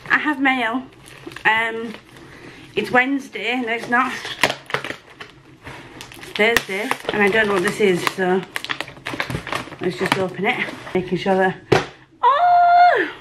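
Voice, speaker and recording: A woman book vlogger chatting casually through a mail unboxing, gushing and excitable, with casual swearing. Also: mid-range voice, measured pace, pauses often, very noisy. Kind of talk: casual unboxing and reading vlog.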